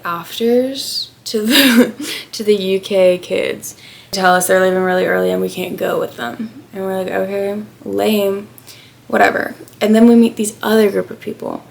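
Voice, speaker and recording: Young American woman vlogger, casual storyteller, heavy vocal fry, mid-pitched, acts out the voices in her story. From United States. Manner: chatty, acts out quoted people. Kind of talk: storytime travel vlog.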